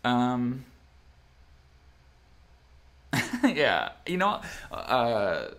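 A man's voice: medium pitch, wildly swooping pitch, very slow, a bit bright. A young man from Minnesota hosting a casual game-design stream, reading viewer comments and thinking aloud with lots of fillers and restarts. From Minnesota, USA. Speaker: game master and show host.

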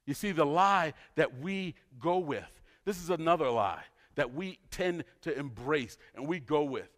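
A pastor delivers a sermon in a high, bright voice, telling the story with animation and acting out the dialogue. His voice rings through a church hall with long reverb. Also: animated, a little slow. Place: church sanctuary.

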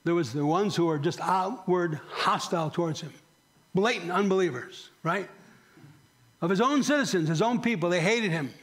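A male pastor delivers a sermon in a church sanctuary, speaking with earnest conviction. His voice sits a little high for a man. He keeps turning to the congregation with direct questions. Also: normal speed, fairly bright tone.

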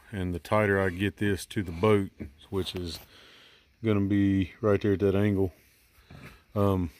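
A middle-aged man with a somewhat low voice walks through a do-it-yourself job outdoors beside his boat. He talks casually and rambles, thinking aloud with plenty of ums, uhs and restarts as he explains his plan. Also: a little mellow. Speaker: DIY channel host.

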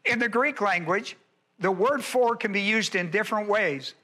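A man's voice: sits high, normal speed, bright, forceful tone. A male pastor teaching a Bible lesson verse by verse, emphatic and repeating key phrases as he quizzes his listeners.

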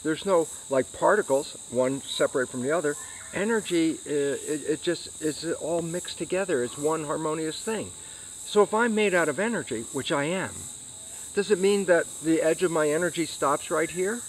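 A man's voice: fairly high pitch, moderate pace, slight background noise, rough recording. A man, an interview guest, explaining science and acting out his own questions and answers. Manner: animated, acts out questions and answers to himself.

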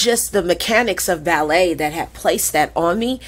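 A woman in her forties, a podcast guest who tells stories in a lively, profane way and acts out the voices of people she quotes. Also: fairly low pitch, normal speed, hardly any pauses, a little hiss or hum. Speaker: podcast guest, krump dancer. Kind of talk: animated storytelling in conversation.

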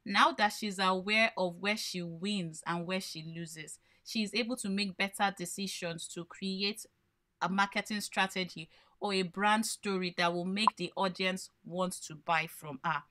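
Bright-voiced woman coaching a workshop. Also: medium pitch, steady tone, a little slow. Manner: explains by posing questions and then answering them. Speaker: branding coach. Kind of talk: live workshop teaching.

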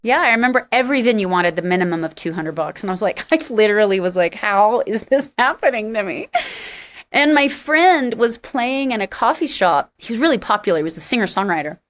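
A woman, a singer-songwriter, telling her story in a casual interview, candid and a bit sarcastic, acting out quoted lines with big jumps in pitch. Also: animated, a little fast, fairly bright tone.

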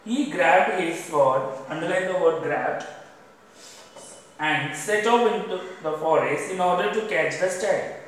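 Man teacher with an Indian accent, high-pitched, recorded from a distance in an echoey room, reads a story aloud and explains vocabulary. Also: unhurried, a bit bright, slight background noise. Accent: Indian English. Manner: repeats "underline the word" between sentences. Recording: echoey room, voice far from mic.

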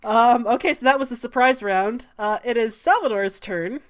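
A woman running a tabletop game as game master, rambling and laughing between halting explanations. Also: on the high side. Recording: live studio audience.

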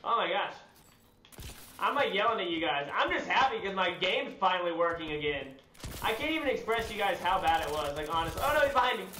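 A young man giving excitable commentary over his own gameplay, with loud outbursts and laughter. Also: high-pitched, fast. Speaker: gaming streamer. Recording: echoey room, loud background noise.

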